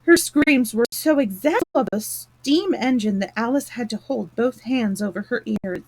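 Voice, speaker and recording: A woman reading a children's story aloud, bringing the characters to life with lively voices. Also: a little high, measured pace, no echo, rough recording.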